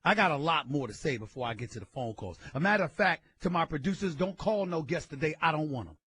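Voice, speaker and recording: A man hosting a sports radio show, ranting loudly and emphatically with frequent bursts of shouting into a studio mic. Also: a little high, lively intonation, fast, a little hiss or hum. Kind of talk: opinionated sports radio talk.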